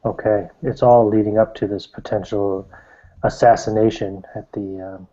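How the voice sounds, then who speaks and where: A man playing a tabletop game, speaking in a measured, commanding way, recorded with dull lo-fi sound. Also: on the low side, steady tone, mellow. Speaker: player. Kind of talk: in-character tabletop play.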